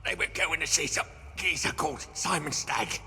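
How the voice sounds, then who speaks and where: An actor playing a nervous, stammering male street thug with a gravelly voice in a video game. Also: fairly high pitch, moderate pace, sharp tone, big-room sound, soft background music, full character voice. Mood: scared.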